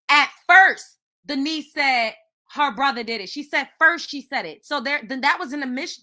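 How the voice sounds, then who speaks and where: Animated, bright-voiced woman hosting a livestream. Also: on the high side. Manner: animated, swearing, addresses chat viewers by name. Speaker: host. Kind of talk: casual commentary livestream.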